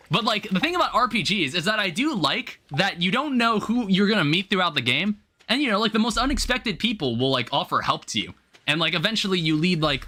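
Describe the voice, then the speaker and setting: With faint game music in the background, a young man rambles through a live stream as he plays, thinking out loud and leaning on filler words. His voice is on the high side with a sharp tone.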